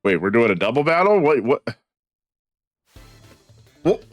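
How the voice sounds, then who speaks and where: A man's voice: medium pitch, big pitch swings, unhurried, no room sound, soft background music. A man streaming a video game who gives casual, blunt commentary, swearing freely and laughing wryly.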